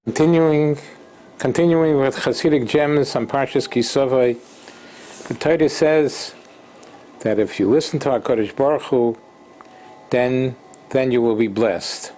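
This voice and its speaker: A man teaching an informal Torah lesson, halting and repeating himself, mixing Hebrew terms into English. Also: medium pitch, darkish tone, a little hiss or hum. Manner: slow, halting, repeats words and restarts.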